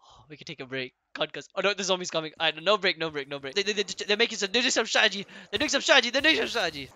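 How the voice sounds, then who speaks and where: A young male gaming streamer gives loud, excitable gameplay commentary, repeating phrases in bursts. His voice is high-pitched and racing with few pauses, and the recording is dry.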